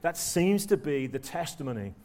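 Conversational preacher with tag questions. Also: male voice, on the high side, big pitch swings, moderate pace, a little mellow. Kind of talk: sermon. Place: church.

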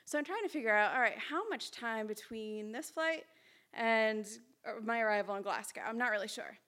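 A woman telling a personal story at a live storytelling event, chatty, lively and self-mocking, on a stage mic in a small hall. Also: on the high side, moderate pace.

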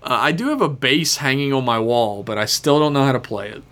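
A man's voice: medium pitch, expressive, fairly quick, fairly bright tone. A man co-hosting a podcast in loose, casual chat, swearing freely and laughing often. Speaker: podcast co-host.

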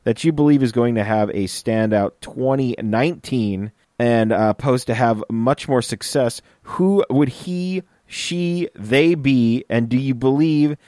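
A man's voice: mid-range voice, measured pace, few pauses, warm tone, dry recording. Easygoing young man, dry close sound. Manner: easygoing, reads listener questions aloud. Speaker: podcast co-host. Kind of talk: casual chat.

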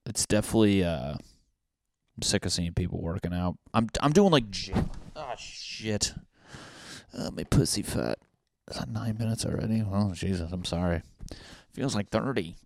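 A man's voice: low voice, lively intonation, normal speed, creaky, long pauses. A man in a casual comedic rant at home, crude and profane, rambling with lots of fillers. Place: home apartment.

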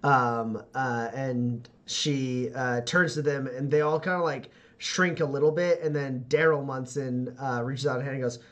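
A man's voice: medium pitch, level tone, unhurried, hardly any pauses. A man narrating a tabletop game as game master, loose and full of fillers. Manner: loose, laughing, filler-heavy.

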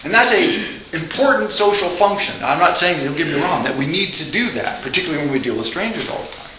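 A man giving a classroom lecture, animated, acting out quoted dialogue with laughs. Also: on the high side, fast talker. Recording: echoey room with faint noise.

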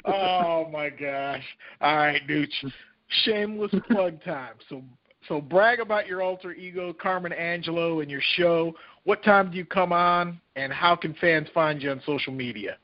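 A man's voice: a little high, measured pace. A man hosting a podcast, talking in a chummy, affectionate way with his guest. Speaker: podcast host. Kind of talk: casual podcast interview. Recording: dull lo-fi podcast audio.

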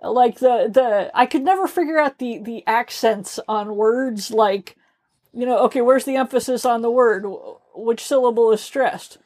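A woman's voice: fairly high pitch, normal speed, darkish tone. A woman co-hosting a podcast, chatting casually in a rambling, self-deprecating way with frequent swearing. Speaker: podcast co-host, author. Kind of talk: casual chat.

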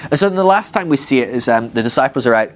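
Animated, joking man teaching. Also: medium pitch, racing. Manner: jokey, animated, acts out voices of Bible characters. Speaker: preacher teaching a ministry school class. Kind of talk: casual humorous Bible teaching.

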